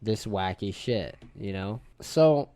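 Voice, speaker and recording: A man in his thirties hosting a podcast, telling a story to friends in an animated, casual way and swearing freely. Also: on the low side, slow. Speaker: podcast host. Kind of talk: casual group chat.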